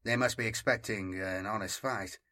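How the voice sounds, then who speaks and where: A man voicing Sirian, a sardonic male veteran soldier who speaks in a wry, measured way in an audiobook reading. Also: fairly low pitch, fairly even intonation, sharp tone.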